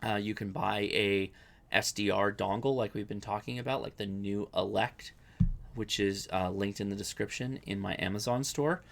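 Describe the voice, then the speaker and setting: A man's voice: fairly low pitch, steady tone, normal speed, vocal fry. A young adult man hosting a casual live-stream Q&A, chatty and rambling, often correcting himself as he answers viewer questions.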